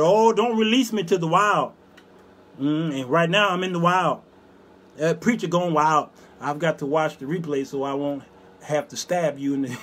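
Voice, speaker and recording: A man hosting his own show, preaching with fire between quiet, muttered asides as he reads viewer comments. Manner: swings from loud preaching to low muttering asides; folksy, emphatic, repeats phrases. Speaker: host and preacher. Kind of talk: fiery livestream preaching, reading viewer comments.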